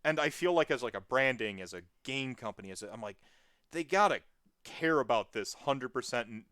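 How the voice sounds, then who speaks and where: A podcast guest talking in a casual, rambling way, animated and full of tangents and fillers. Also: mid-range voice, a little fast, no room sound, clean studio sound.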